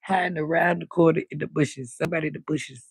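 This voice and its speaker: Gravelly, husky woman chatting late at night. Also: deep voice, quick pace, dry recording. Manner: loud, animated, cusses freely. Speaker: livestream host. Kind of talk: late-night livestream chat. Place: balcony outdoors at night.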